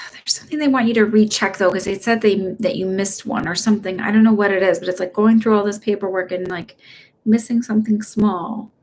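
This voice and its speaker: A young woman giving live psychic readings in a chatty, hesitant way, full of fillers and restarts. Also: mid-range voice. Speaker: psychic medium host. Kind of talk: casual live-stream reading.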